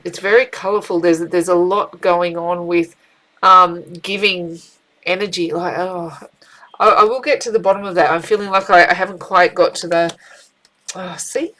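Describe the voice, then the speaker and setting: A middle-aged woman giving a casual spiritual tarot reading, chatty and animated, with frequent fillers and restarts. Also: lowish voice, low-quality recording. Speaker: tarot reader.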